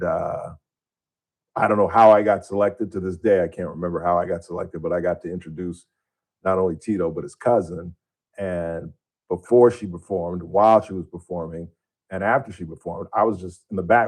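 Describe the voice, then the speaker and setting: A man's voice: low voice, steady tone, brisk, darkish tone. A middle-aged male radio host chatting casually and rambling through anecdotes in the studio. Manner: rambling storyteller, imitates voices in anecdotes.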